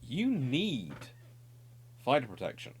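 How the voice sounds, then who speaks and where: A middle-aged male history presenter talking through naval strategy without a script. His pitch sits in the ordinary male range but moves a great deal, and he pauses to correct himself and throw in dry, wry remarks. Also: wildly swooping pitch, husky. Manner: discursive, self-correcting, wry asides. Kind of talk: unscripted explanatory monologue.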